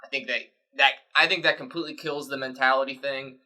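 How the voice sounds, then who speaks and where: A man's voice: medium pitch, steady tone, fairly quick, pushed and bright, poor audio. A man co-hosting a sports podcast, giving rambling, opinionated takes in casual chat. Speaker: podcast co-host.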